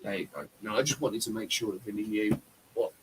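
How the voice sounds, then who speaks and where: A man's voice: on the low side, expressive, fairly quick, a little hiss or hum, poor audio. A man hosting a casual live-stream chat, rambling and effusive, with lots of fillers and restarts. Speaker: host.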